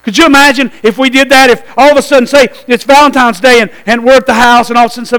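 A man preaching a sermon to a church, telling a story with lively asides and calls to the congregation. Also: extremely high pitch, fast talker, few pauses, low-quality recording. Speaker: pastor.

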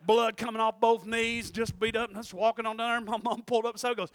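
A man preaching a sermon, swinging from shouted exhortation to quiet folksy asides and calling out to the congregation. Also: extremely high pitch, steady tone, a little fast, few pauses, no room sound. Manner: frequent call-outs to the congregation.

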